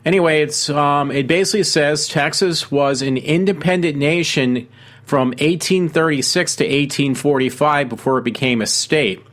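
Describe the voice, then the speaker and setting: A man hosting his own casual commentary show, talking in a halting way with many fillers and restarts. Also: fairly high pitch, fairly bright tone. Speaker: show host.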